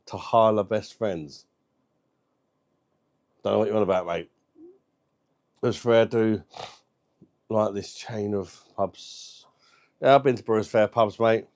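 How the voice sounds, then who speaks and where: A man's voice: fairly low pitch, vocal fry, a little mellow. A man hosting a casual livestream, reading out viewer comments and bantering cheekily. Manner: cheeky, banters and swears freely. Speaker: beer review livestream host.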